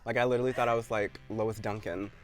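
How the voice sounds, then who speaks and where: A man's voice: fairly low pitch, fairly even intonation, quick pace, faint music behind. A young man from Missouri, a guest chatting in a casual interview, telling stories with lots of likes. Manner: chatty storyteller, many likes. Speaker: guest YouTuber.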